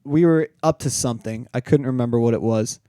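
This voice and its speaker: A young man with a mellow, smooth voice, recorded close and dry. He tells stories in a laid-back way, swears freely and acts out quotes now and then. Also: mid-range voice, brisk, no echo. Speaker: podcast co-host. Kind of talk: casual chat.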